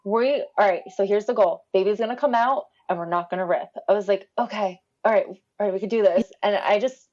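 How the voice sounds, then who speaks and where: A woman telling her own story casually on a podcast, animated, acting out what people said with lively voice changes and frequent laughs. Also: medium pitch, a little fast, highs cut off.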